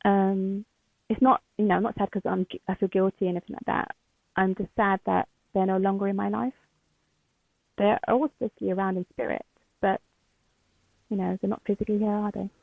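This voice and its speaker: A woman guest speaking candidly and emotionally, halting often with fillers. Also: mid-range voice, level tone, gravelly, no room sound. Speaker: podcast guest. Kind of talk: candid interview. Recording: tinny phone-like line.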